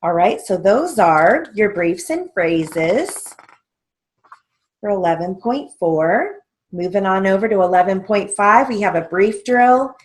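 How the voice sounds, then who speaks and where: A woman's voice: mid-range voice, expressive, slow. A woman teaching court reporting steno theory, going through drills methodically and spelling out letters and keys. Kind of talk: instructional lesson walkthrough.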